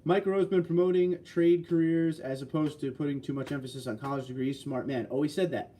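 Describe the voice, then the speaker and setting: Blunt, folksy man in his sixties, mellow voice. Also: a little high, fairly even intonation, a little fast. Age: 60s. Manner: blunt, folksy, opinionated, reads out chat messages. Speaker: livestream host. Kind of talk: casual livestream chat reading viewer comments.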